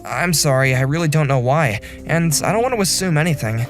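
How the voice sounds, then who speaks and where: A man voicing a calm, considerate section chief who narrates and talks in a reassuring, apologetic way. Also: a little high, brisk, soft background music, close to an everyday voice. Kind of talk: first-person story narration in a dubbed animation.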